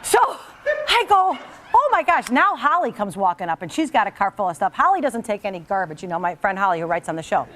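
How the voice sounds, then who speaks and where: A woman's voice: mid-range voice, fast, slight background noise. A middle-aged woman, a talk show host, telling a comic story in a chatty monologue and speaking straight to her audience. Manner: animated, chatty, addresses the audience directly.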